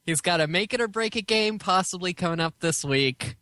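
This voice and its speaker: A man co-hosting a podcast who trades short, joking quips. His voice is bright and a touch high for a man. The sound is dry and close. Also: expressive, fairly quick, dry recording. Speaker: podcast co-host. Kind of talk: casual chat.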